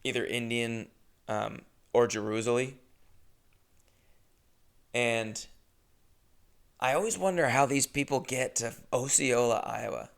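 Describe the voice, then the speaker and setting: A young man hosting a podcast, telling a comedic story in a rambling, profane, animated way. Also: mid-range voice, slow pace, creaky, pauses often, smooth. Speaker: podcast host.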